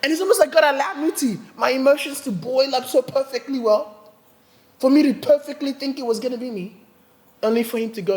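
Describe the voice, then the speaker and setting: In a large church hall, a man with a very high-pitched voice preaches a little fast. As a pastor, he shares a personal anecdote with humor, animatedly voicing the people he quotes and laughing often.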